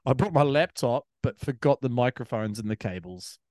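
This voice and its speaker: Lively New Zealand man, laughing banter. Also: mid-range voice, normal speed, dry recording, studio quality. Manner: laughs a lot, crude teasing. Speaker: podcast co-host. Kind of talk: casual banter.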